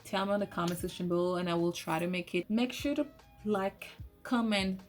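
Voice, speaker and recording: A woman giving a casual, excitable spoken movie review, swearing often and restarting her sentences. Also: on the low side, fairly quick. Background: soft lofi music.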